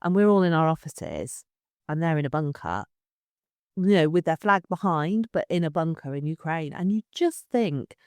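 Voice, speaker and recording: A woman director of culture being interviewed, talking in a lively way and often repeating words as she restarts her sentences. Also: low-pitched, moderate pace, clear, resonant tone, dry recording. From England. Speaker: city culture director, guest. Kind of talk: conversational interview.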